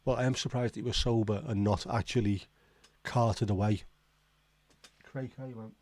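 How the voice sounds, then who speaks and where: A man's voice: on the low side, fairly even intonation, a little fast, a little mellow. A man hosting a casual livestream, reading out viewer comments and reacting with blunt, swearing disbelief. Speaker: livestream host.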